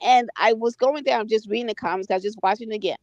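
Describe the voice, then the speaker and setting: A woman's voice: on the high side, rapid-fire, a little mellow, no room sound. A woman from the United States chatting casually, retelling a story and often checking in with "right?" and "you know". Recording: dull, dry lo-fi audio.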